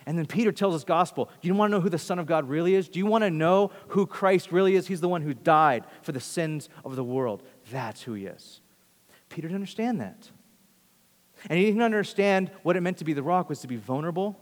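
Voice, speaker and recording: A man's voice: fairly high pitch, lively intonation, fairly quick. A man preaching a sermon earnestly, often repeating phrases and restarting sentences. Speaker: pastor. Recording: long hall reverb.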